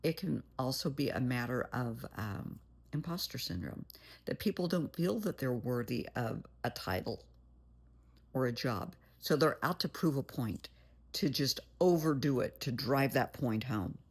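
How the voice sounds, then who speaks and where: A woman's voice: very deep voice, expressive, a little slow, husky. A woman therapist giving blunt, plain-spoken advice in a monologue, calling the listener "honey". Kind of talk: motivational monologue.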